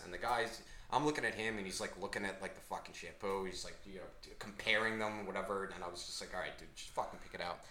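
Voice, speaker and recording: A man co-hosting a podcast, telling a story in a casual, profane, animated way. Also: on the low side, roomy sound, a little hiss or hum. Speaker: podcast co-host.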